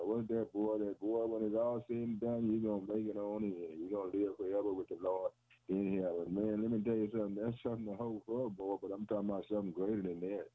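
A man preaching a sermon on the radio in a rhythmic, repetitive way, often calling his listeners "boy" and "man" and chuckling between phrases. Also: lowish voice. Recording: tinny phone-like radio broadcast.

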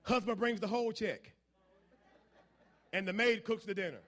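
A man preaching a sermon, building from quiet asides to loud call-and-response shouts. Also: high voice, moderate pace.

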